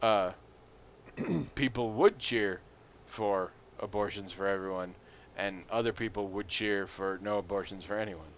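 A man's voice: on the low side, unhurried, slight background noise. A man from the United States in casual conversation, who talks playfully and acts out scenes in silly voices. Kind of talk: casual chat.

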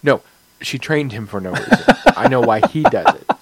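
A man's voice: mid-range voice, lively intonation, moderate pace, crowd noise, low-quality recording. A man co-hosting a casual podcast, rambling and joking with sighs and restarts. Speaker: podcast co-host.

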